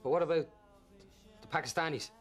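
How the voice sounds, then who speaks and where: A man's voice: on the high side, a little fast, faint music behind, natural voice. An actor playing an anxious man who keeps asking questions in film dialogue. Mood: fretful. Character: fretful man in a drug-fuelled hotel chat.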